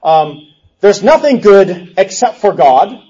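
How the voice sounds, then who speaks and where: A man preaching an expository sermon, earnestly explaining scripture and slowing down for quoted verses before dropping to quiet reflective asides. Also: sits high, big pitch swings, breathy edge. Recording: dull lo-fi sound.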